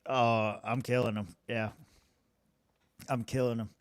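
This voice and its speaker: Smooth, unhurried and level in tone, a young man at medium pitch co-hosts a podcast on a dry recording. He rambles casually about fantasy football, swearing freely and laughing frequently.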